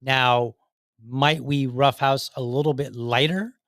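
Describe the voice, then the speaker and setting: A man's voice: medium pitch, steady tone, takes it slowly, fairly bright tone, dry recording, studio quality. A man hosting his own podcast in a casual live-stream talk, rambling with many fillers and restarts. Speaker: podcast host.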